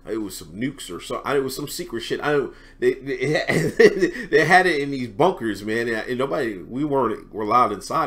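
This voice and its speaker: A man reacts to a clip in loose, talkative commentary, full of slang and frequent laughter. His pitch swings widely and his tone is bright and forceful. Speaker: commentary vlogger.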